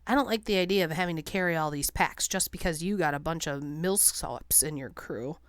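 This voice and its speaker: A woman voicing a gruff, bullying male canoe bowman who mocks and sneers in a storybook reading. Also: on the high side, fairly quick, fairly bright tone, no room sound, studio quality, close to an everyday voice. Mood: sneering. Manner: sneering, mocking.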